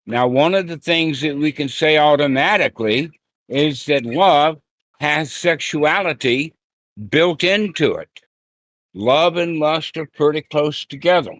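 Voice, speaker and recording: A man's voice: a little high, a bit bright. A man giving a plain-spoken, folksy Buddhist teaching talk over an online group call. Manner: plain-spoken, folksy, acts out quoted lines.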